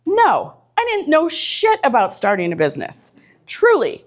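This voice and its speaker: Middle-aged woman, motivational speaker, slightly high voice, punchy and direct, short repeated lines to a live crowd. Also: wildly swooping pitch, normal speed. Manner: punchy, direct, repetitive lists. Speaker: keynote speaker. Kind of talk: motivational talk to a live audience. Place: event room with audience.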